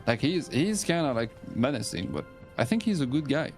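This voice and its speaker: A man's voice: medium pitch, very animated, normal speed, soft background music. Chatty man explaining game lore. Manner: enthusiastic, many fillers and restarts. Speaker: streamer playing an online game. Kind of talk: casual gaming chat.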